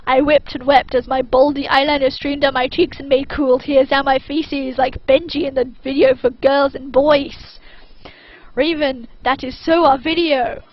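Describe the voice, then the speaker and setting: High-voiced woman reading fan fiction aloud. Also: lo-fi sound. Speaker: reader.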